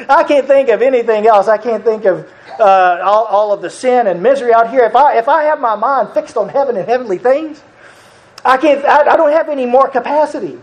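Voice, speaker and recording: A preacher giving an earnest, repetitive sermon, often breaking into soft chuckles. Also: medium pitch, brisk, low-quality recording.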